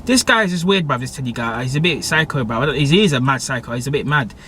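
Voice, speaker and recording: Excitable young guy, bright voice. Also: mid-range voice, fast, husky. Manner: excitable and slangy, with many fillers and restarts. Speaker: TV show reviewer. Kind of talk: casual episode recap.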